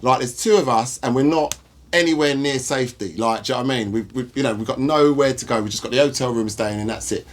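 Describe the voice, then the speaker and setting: Podcast host, animated storyteller, everyday mid-range pitch. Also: male voice, fast. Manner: animated storyteller, swears, acts out voices. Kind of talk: casual chat.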